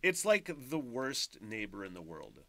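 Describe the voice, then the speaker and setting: A man's voice: fairly low pitch, very animated, unhurried, creaky, a bit bright. A man hosting a casual solo podcast, ranting, swearing and laughing as he talks. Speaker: podcast host.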